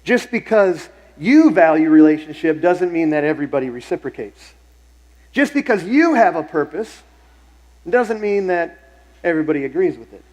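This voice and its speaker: A man's voice: on the high side, big pitch swings, normal speed, darkish tone, low-quality recording. A middle-aged male pastor preaching a sermon in a church, telling stories in a conversational way and repeating phrases for emphasis. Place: church sanctuary.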